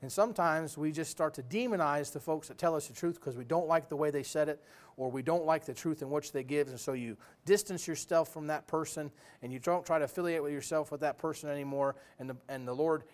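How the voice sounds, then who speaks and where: Man, preacher, folksy joking sermon, slightly high voice. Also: brisk. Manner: folksy, joking, rhetorical questions.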